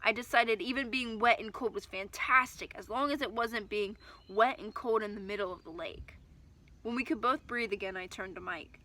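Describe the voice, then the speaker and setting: A woman reading a first-person children's story aloud, with expressive, lively storytelling. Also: mid-range voice, normal speed.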